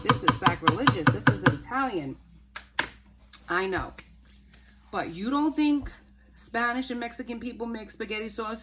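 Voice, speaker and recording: A woman's voice: medium pitch, fairly bright tone, a little hiss or hum. A woman hosting her own cooking channel, chatting playfully to viewers as she cooks. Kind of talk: casual cooking demo to camera.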